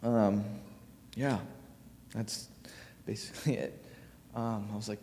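A man's voice: lowish voice, steady tone, takes it slowly, long pauses, warm tone, a little hiss or hum. A young man giving a casual youth sermon, informal and full of fillers as he tells a personal story. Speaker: youth preacher. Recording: long hall reverb.

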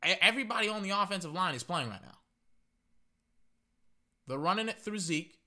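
Brief: man, fan commentator, high lively voice, sharp bright tone, rambling live game reactions. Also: a little fast. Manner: excitable, rambling, repeats words.

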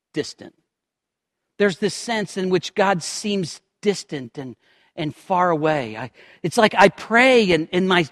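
A man preaching a sermon, moving from quiet low asides to loud, impassioned quoted prayers. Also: in a large hall. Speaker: pastor.

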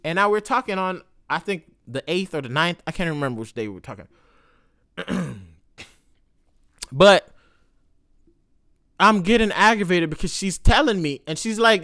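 A man, a military veteran, telling a profane, animated story in a casual monologue. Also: sits high, no echo, studio quality. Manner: profane, animated ranting with quick asides.

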